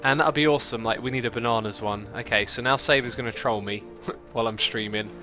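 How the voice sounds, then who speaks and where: A man's voice: mid-range voice, fast, sharp tone, soft background music. A man hosting a gaming livestream, chatting casually, laughing often and reading out donations and chat messages. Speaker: streamer host.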